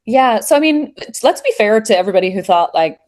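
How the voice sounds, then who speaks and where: A woman's voice: mid-range voice, expressive, quick pace, a little mellow. Chatty woman guest who laughs between points. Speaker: industry guest. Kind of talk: casual interview chat.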